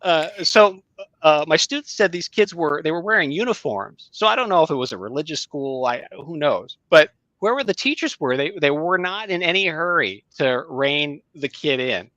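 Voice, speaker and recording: A middle-aged man, a writing teacher, telling a story in casual conversation, halting with many fillers and restarts. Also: on the high side, expressive, bright, forceful tone, no room sound, highs cut off. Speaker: guest, creative writing teacher.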